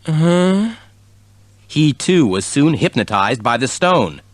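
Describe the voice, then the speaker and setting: A man's voice: medium pitch, big pitch swings, measured pace, dry recording. A man reading a children's storybook aloud as narrator. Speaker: audiobook reader.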